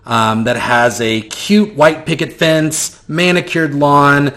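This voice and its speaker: A man narrates a tabletop game as game master at a slow pace. He pauses often with ums. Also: on the high side, fairly bright tone. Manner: hesitant, many ums.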